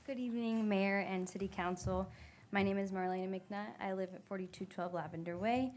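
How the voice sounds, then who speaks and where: A woman's voice: medium pitch, fairly even intonation, brisk, a little mellow, slight background noise. A woman speaking nervously and hesitantly at a council meeting's public comment.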